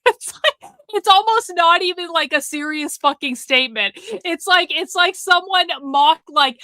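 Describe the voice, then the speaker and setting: A woman host with a high, bright and sharp voice, talking in a sarcastic, profane and mocking way as she reacts on a livestream. The sound is dry and close, with no room around it. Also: moderate pace, no room sound. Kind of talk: casual livestream commentary.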